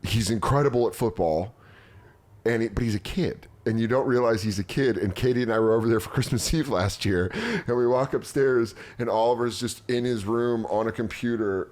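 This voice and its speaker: A man's voice: fairly quick, darkish tone. A man in his thirties hosting a podcast, chatting casually and acting out crude stories with quoted voices. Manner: crude, joking storyteller who acts out quotes in high voices. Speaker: podcast host. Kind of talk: casual chat.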